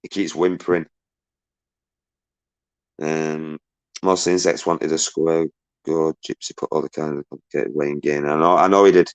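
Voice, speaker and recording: A man's voice: rumbling low, little pitch movement, moderate pace, long pauses, smooth. A man on a livestream, agitated and swearing as he reads out and answers viewer messages. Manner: agitated and ranting, swears often, shouts out viewers.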